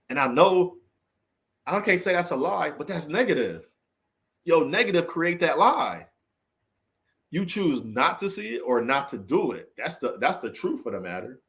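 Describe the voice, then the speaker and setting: A man with a fairly high voice delivers an earnest, preachy monologue straight to the listener. His delivery rambles, with restarts and repeated phrases, and he swings between raised, emphatic questions and quieter, subdued stretches. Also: sing-song, moderate pace. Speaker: vlogger giving a motivational talk. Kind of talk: unscripted heartfelt monologue to camera.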